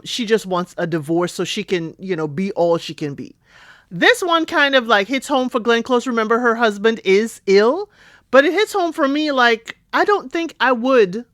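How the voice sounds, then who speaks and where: A woman's voice: mid-range voice, no room sound, studio quality. A middle-aged woman hosting a podcast, casually recapping a TV episode, acting out the characters' lines with playful asides. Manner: chatty, animated retelling with playful asides and laughs; acts out characters' lines in quotes.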